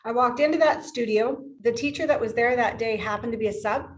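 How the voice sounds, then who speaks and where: A woman's voice: on the high side, fairly quick, low-quality recording. A woman in her fifties with a slightly raised voice tells stories in an emotional, effusive way and laughs often. She speaks as a yoga teacher being interviewed. A faint hiss sits under the recording. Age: 50s. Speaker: yoga studio owner and teacher. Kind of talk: podcast interview.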